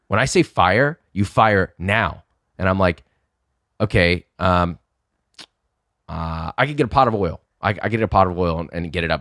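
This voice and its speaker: A young man telling a lively story in casual chat, swearing freely and acting out the people he quotes. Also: sits low, no echo, clean studio sound. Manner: animated, swearing, acts out quotes. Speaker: podcast guest.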